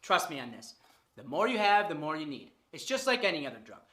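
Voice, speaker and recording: A woman in her thirties talking straight to camera in a casual vlog monologue, animated and profane, driving her points home by repeating them. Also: low-pitched, fairly quick. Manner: animated, profane, emphatic repetition. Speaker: fitness vlogger.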